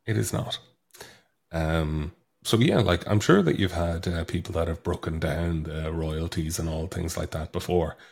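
A low-voiced Irish man with a gravelly edge tells stories with lively energy as a podcast guest. He is getting over a cold, and his voice has a husky, raspy grain to it. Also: moderate pace. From Ireland. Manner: animated storyteller, acts out quoted lines. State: sick with a cold. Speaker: guest author. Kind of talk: casual podcast interview.

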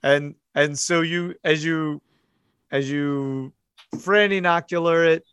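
A man's voice: a little high, steady tone, slow pace, a bit bright, smooth, no echo, clean studio sound. A man narrating a tabletop horror game as game master, hesitant, with many fillers and restarts.

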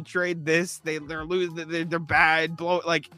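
A young man co-hosting a sports podcast, ranting sarcastically and clearing his throat often. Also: fairly high pitch, level tone, measured pace, bright, forceful tone, soft background music. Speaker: podcast co-host.

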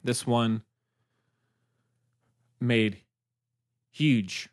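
A man's voice: mid-range voice, extremely slow. A young man co-hosting a casual film review podcast, easygoing and a bit hesitant, with many fillers. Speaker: podcast co-host.

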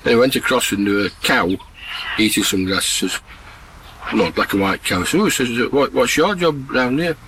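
This field recording, with background noise, catches a farmer outside in the mud and mist of his farm. Speaking at medium pitch and a moderate pace, he tells blunt, earthy country jokes and laughs at his own punchlines.

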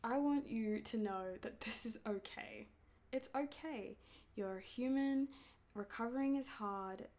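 A woman's voice: a little high, a little slow, a little mellow. Candid young woman. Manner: candid, rambling, with many fillers. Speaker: video creator. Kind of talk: casual advice talk.

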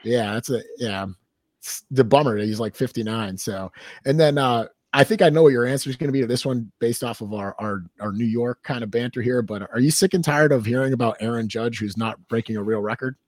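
A man's voice: medium pitch, fairly quick, no echo. Chatty male co-host, dry sound. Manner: chatty storyteller, rambling asides. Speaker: podcast co-host. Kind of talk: casual chat.

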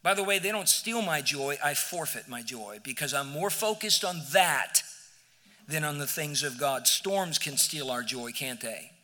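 A male pastor preaching a sermon in a church, emphatic, moving from near-shouts to hushed, quiet passages. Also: fairly high pitch, lively intonation, a little slow, big-room sound. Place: church sanctuary.

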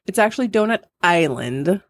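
A woman's voice: fairly low pitch, sing-song, normal speed, no room sound, studio quality. A middle-aged woman co-hosting a podcast in casual chat, rambling and laughing often. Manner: chatty, giggly, rambling. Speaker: podcast co-host.

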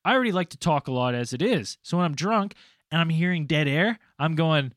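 A young man co-hosting a podcast who tells long, rambling stories in a casual, animated way and swears freely. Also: fairly high pitch, fairly quick, dry recording, clean studio sound. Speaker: podcast co-host. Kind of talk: casual storytelling.

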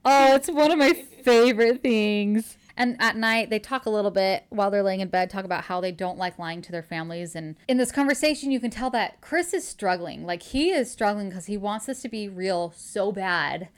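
A woman's voice: medium pitch, moderate pace, clear, resonant tone. A woman casually recapping a romance novel, gushing as she retells scenes with quoted dialogue. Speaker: book reviewer. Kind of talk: casual book recap chat.

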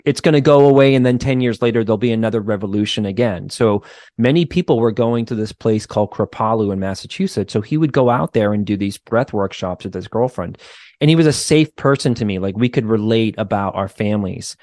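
A man's voice: fairly low pitch, a little fast, no echo, clean studio sound. A man with a faint Boston accent, a therapist guest telling a story in a casual podcast conversation, full of "like" and "you know". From Boston area, United States. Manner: animated storyteller, many "like" and "you know" fillers.

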